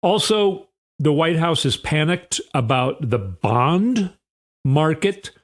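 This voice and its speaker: A man's voice: a little high, expressive, slow pace. A man hosting a political commentary show, sarcastic and often sighing. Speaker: host.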